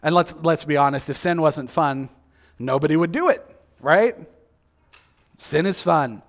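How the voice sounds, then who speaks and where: A man's voice: fairly high pitch, unhurried. A male preacher giving a sermon, acting out quoted reactions and asking the listeners many questions.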